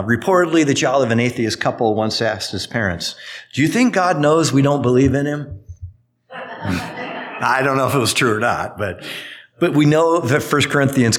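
A middle-aged male pastor giving a sermon, acting out quoted speech in different voices. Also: a little high. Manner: animated, acts out quotes in voices.

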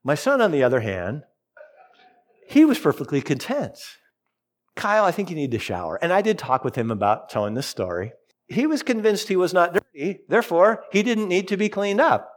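A middle-aged man preaching a sermon, telling a personal story and reading scripture with lively, expressive delivery. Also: moderate pace. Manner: storytelling, animated with big pitch swings. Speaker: pastor.

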